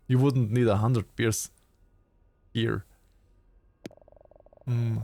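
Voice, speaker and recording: A man's voice: medium pitch, flat delivery, drawn-out words, warm tone. A man, playfully chatting with viewers while streaming a game. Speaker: VTuber streamer. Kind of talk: casual live gameplay chat.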